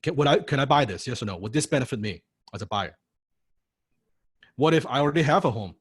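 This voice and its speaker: Talking fast in a husky, mid-range voice with lively intonation, a man teaches a recorded course lecture. He's blunt and punchy, throws out rhetorical questions, checks "right?" after every point, and occasionally swears to drive things home.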